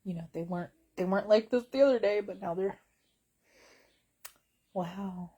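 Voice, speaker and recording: A woman's voice: medium pitch, fast talker, mellow. A woman vlogging from bed at home in casual chat, wry and blunt, rambling with lots of fillers.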